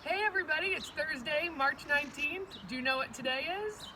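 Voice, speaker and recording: A woman reading a picture book aloud to children in an animated, expressive way. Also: high-pitched, a little fast, slight background noise, low-quality recording.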